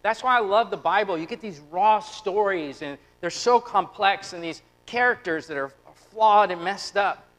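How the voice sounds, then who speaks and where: A man in his thirties preaching a lively, conversational sermon, acting out quotes and turning quiet and tender at personal moments. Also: high-pitched, normal speed, few pauses, rough recording. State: close to tears. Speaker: pastor.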